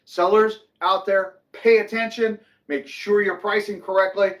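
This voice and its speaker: A man's voice: sits high, measured pace. A middle-aged man hosting a casual real estate market update, chatty and opinionated, often acting out what people say. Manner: animated, chatty, opinionated, acts out quotes. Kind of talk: casual market commentary to camera.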